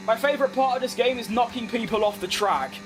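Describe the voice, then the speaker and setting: A young man with a British accent, chatting casually as he streams a racing game, reacting fast and poking fun at himself. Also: very high voice, music in the background. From United Kingdom. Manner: chatty, quick reactions to the race, self-mocking. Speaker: gaming streamer. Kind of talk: live gameplay commentary while reading chat.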